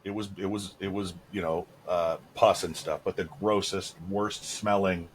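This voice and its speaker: A man's voice: sits low, steady tone, moderate pace, a crowd in the background. A man in his thirties, co-hosting a podcast, telling crude, candid stories in casual chat with lots of fillers. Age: 30s. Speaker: podcast co-host.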